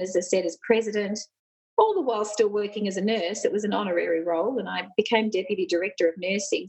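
A woman's voice: medium pitch, husky, low-quality recording. A middle-aged woman, a union leader and former nurse, telling personal stories candidly and with animation in an interview.

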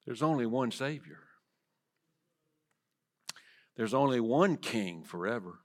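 Man preaching, loud to whispered. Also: medium pitch, lively intonation, normal speed. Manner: dynamic preaching, swinging from loud emphasis to soft whispers. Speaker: pastor. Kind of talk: sermon. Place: church sanctuary.

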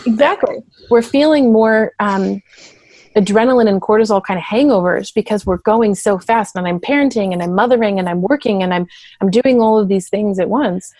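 A woman therapist talks through her ideas in an easy, explanatory way. She sometimes drops into quick acted voices. The sound is dry and close. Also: medium pitch, warm tone, no room sound. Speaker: therapist and parent coach. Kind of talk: conversational interview talk.

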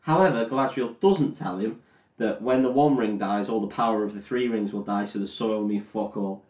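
A man's voice: on the low side, fairly quick, darkish tone. A drunk young man, recapping a film in rambling, sweary casual chat, often unsure of details. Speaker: podcast co-host. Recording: roomy echo.

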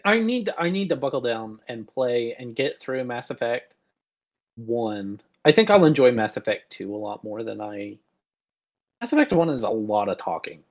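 A man's voice: mid-range voice, sing-song, moderate pace. A man co-hosting a podcast in casual chat, mostly listening with short easygoing replies. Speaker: podcast co-host.

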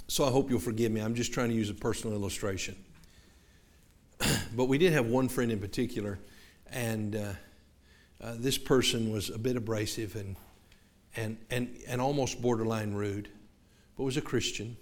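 A man's voice: lowish voice, fairly even intonation, moderate pace. A man from the American South preaching a sermon to his congregation, with a Southern accent, often restarting words and turning to the listeners with asides. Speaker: pastor.

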